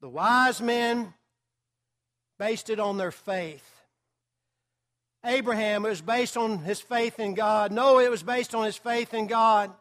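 A man's voice: high-pitched, takes it slowly, pauses often, fairly bright tone. A male pastor preaching a sermon in a conversational, storytelling manner, with occasional filler words.

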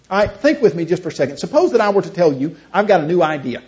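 A man with a high, lively voice addresses a seminar crowd, firing off rhetorical questions and acting out little dialogues. The recording is dull and lo-fi. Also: fast, hardly any pauses. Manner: storytelling, acts out both sides of imagined dialogues. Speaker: creationist seminar speaker. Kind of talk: seminar talk to an audience.

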